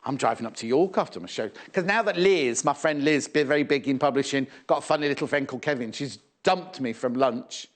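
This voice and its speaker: A man's voice: mid-range voice, fairly quick, hardly any pauses. A middle-aged man presenting a live sewing shopping show in a TV studio, chatting away, fussing aloud over fabrics and reading out viewer messages. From England.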